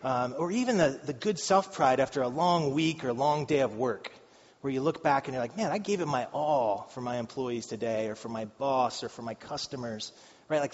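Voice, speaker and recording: A man in his thirties preaching a sermon in a conversational, joking way, laughing often. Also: on the high side. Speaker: pastor. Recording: dull live recording in a reverberant hall.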